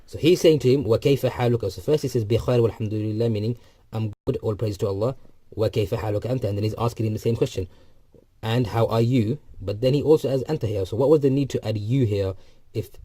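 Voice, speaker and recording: Man teacher with a low, dark voice, dry recording; walks through a lesson slowly with ums. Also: no echo. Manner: explains step by step, repeats phrases, frequent ums. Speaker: Arabic teacher.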